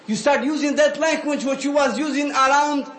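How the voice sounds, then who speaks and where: A man giving an animated sermon, often calling listeners "habibi". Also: very high voice, moderate pace. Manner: animated, switching between English and Arabic phrases, calling listeners "habibi". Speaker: preacher. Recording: echoey room with faint ambient noise.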